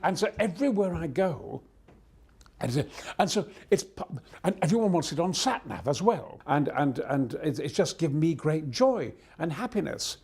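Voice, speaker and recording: Gravelly booming man, theatrical. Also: very animated, moderate pace, a little mellow. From Yorkshire, England. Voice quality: booming, theatrical, tumbling repetitions. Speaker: interview guest, voice actor. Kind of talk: exuberant anecdotal chat.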